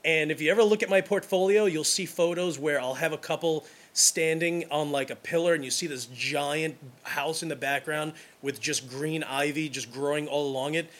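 A man's voice: a little high, moderate pace, few pauses, a bit bright. A wedding photographer from Brooklyn, a man talking casually and enthusiastically, rambling with restarts as he gives advice. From Brooklyn, New York.

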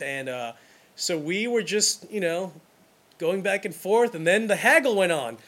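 A Brooklyn, New York wedding photographer with a high, somewhat bright voice talks at a measured pace. He's animated, casual and enthusiastic, rambling and restarting as he hands out advice.

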